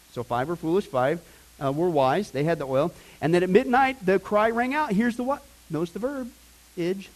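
A middle-aged pastor preaching a casual, energetic sermon, moving from quiet asides to loud emphasis. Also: male voice, sits high, low-quality recording. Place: church sanctuary.

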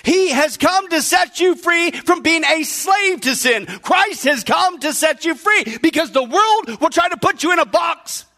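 A man preaching a sermon, fervent and often shouting. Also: very high-pitched, lively intonation, a little slow, hardly any pauses.

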